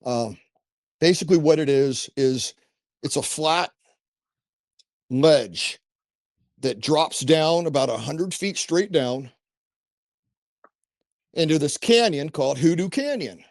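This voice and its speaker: A man's voice: fairly high pitch, lively intonation, slow, pauses often, no echo, studio quality. A middle-aged man telling a personal story as a podcast guest, earnest and rambling, with restarts and asides. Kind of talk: casual first-person storytelling.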